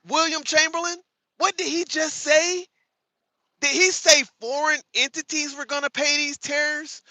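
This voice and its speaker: A man's voice: very high-pitched, bright, forceful tone, dry recording, low-quality recording. A man hosting a livestream, reacting to clips and taunting his chat in a profane, combative way with lots of repetition. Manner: repeats lines for emphasis. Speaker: livestream host. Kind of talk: live reaction commentary to chat.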